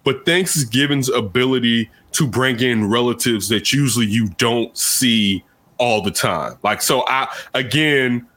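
A man in his early forties telling a story in casual chat, animated and jumping into loud retold exchanges. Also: mid-range voice, measured pace. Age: early 40s.

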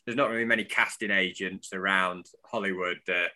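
A man's voice: low-pitched, steady tone, brisk, pushed and bright. A man co-hosting a football fan podcast, chatting in a playful way and laughing as he talks. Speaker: podcast co-host. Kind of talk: casual football fan chat.

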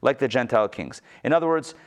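A man's voice: mid-range voice, lively intonation, fast talker. Male teacher of a text-study class, mid-range voice, conversational, questions the room.

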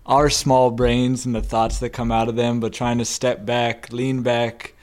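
A young adult man co-hosting a casual podcast, talking in a halting way with many ums and restarts. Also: medium pitch, level tone. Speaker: podcast co-host.

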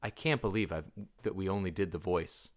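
A man co-hosting a casual movie podcast, joking and riffing in an animated way. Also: low voice, brisk. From United States. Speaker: podcast co-host.

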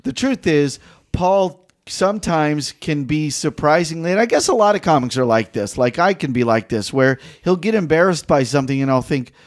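A man's voice: on the high side, expressive, moderate pace. A man, a comedian, teasing a friend in a casual podcast chat. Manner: teasing, conversational. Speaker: comedian guest.

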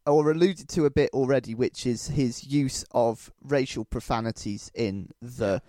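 A man's voice: mid-range voice, moderate pace, dark tone, dry recording. A man hosting a podcast, talking casually in a hesitant, dry, self-deprecating way. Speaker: podcast host. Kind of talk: casual chat.

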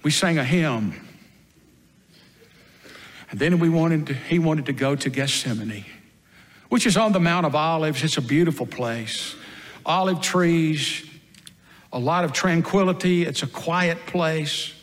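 A man playing the apostle Peter as a first-person dramatic monologue, telling the story earnestly and dramatically, moving between loud and hushed passages. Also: on the high side, a little slow, pauses often, natural voice. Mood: hushed, grave. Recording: long hall reverb.

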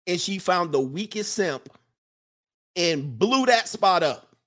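A man hosting a live stream, giving a casual commentary monologue in an animated, preachy way and repeating his lines for emphasis. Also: high-pitched, takes it slowly. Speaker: live-stream host reading viewer comments.

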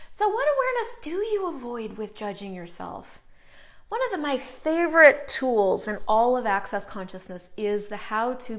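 A woman hosting a casual live online show, talking animatedly to viewers, greeting them by name as she goes and swearing now and then for emphasis. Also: mid-range voice. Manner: chatty and animated, greets viewers mid-sentence.

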